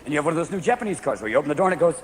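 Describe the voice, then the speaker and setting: A man's voice: a little high, sing-song, very fast. A man doing a manic stand-up routine, jumping between voices. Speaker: stand-up comedian. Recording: echoey stage recording, loud crowd laughter and noise.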